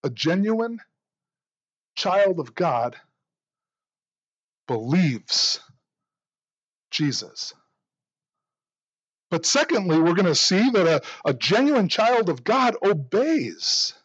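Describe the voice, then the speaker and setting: A male pastor with a high-pitched voice preaches with earnest conviction. He often repeats the first word of a phrase before he gets going. The recording is dry and a little muffled. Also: big pitch swings, takes it slowly, long pauses, slightly rough, dry recording. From United States. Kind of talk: sermon.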